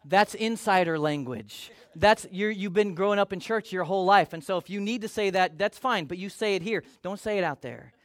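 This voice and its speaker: High-voiced man preaching a sermon. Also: normal speed, few pauses, dry recording, studio quality. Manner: conversational, animated, acts out quotes. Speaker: pastor.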